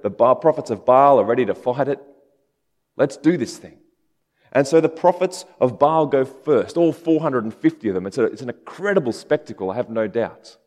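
A man preaching a sermon in a relaxed, conversational way, with casual asides. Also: mid-range voice. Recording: long hall reverb.

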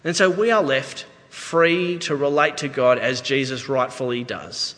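Bright Australian preacher in a reverberant hall. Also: male voice, mid-range voice, unhurried, hardly any pauses. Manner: conversational, animated preaching with asides. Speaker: pastor. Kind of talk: sermon.

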